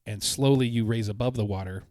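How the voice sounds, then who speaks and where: A man's voice: on the low side, brisk, darkish tone, no room sound, studio quality. A man co-hosting a podcast, recounting his trip in a casual, enthusiastic, rambling way. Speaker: podcast co-host. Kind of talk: casual chat.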